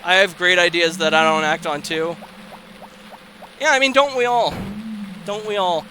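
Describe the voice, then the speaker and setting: A man's voice: high-pitched, moderate pace, a little hiss or hum. A young man casually commentating on a farming game, rambling and swearing, tipping into exasperated outbursts and laughter. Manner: rambling, profane, swings into exasperated shouting and laughter. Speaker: let's play host.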